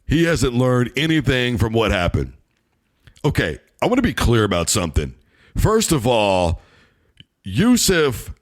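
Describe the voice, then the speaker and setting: Male sports opinion host, heated and emphatic, very lively intonation. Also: medium pitch. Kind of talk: opinionated sports commentary monologue.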